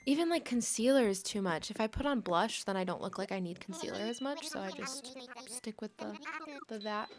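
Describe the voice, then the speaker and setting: A woman's voice: medium pitch, expressive, brisk, crowd noise. Chatty woman in her late twenties. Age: late 20s. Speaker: livestream host. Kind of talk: casual chat while gaming.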